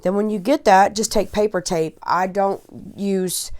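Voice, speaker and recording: A woman's voice: medium pitch, fairly even intonation, unhurried, darkish tone. Chatty woman in her forties teaching sewing. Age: 40s. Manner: chatty, rambling, checks in with okay. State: emotional, holding back tears. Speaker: crafting tutorial host. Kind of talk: casual how-to instruction.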